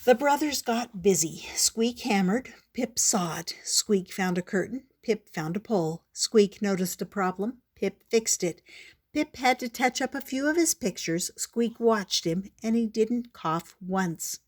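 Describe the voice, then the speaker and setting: An older woman reading a children's picture book aloud in a gentle, measured storybook manner. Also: mid-range voice, animated.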